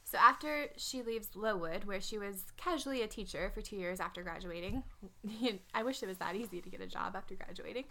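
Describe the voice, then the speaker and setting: A woman's voice: mid-range voice, fairly quick, pushed and bright. Chatty young woman discussing a novel. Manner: chatty, wry, frequent fillers and laughs. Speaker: podcast co-host. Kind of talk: casual book discussion.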